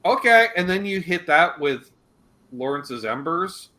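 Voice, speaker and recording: A man's voice: on the high side, unhurried, bright, forceful tone. A man from Canada hosting a casual chat about guitar gear, talking with enthusiasm and laughing often. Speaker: channel host.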